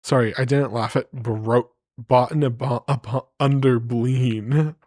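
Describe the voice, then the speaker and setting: A man's voice: mid-range voice, steady tone, unhurried, a little mellow, dry recording, studio quality. A man streaming live, rambling playfully to his chat as he reads place names aloud.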